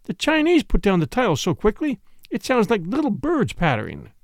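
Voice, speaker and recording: A man's voice: high-pitched, wildly swooping pitch, fairly quick, dry recording, studio quality, pitched above the performer's own voice, exaggerated voice. A man voicing a bossy, opinionated middle-aged woman who lectures everyone in an insistent, scolding way. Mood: impatient.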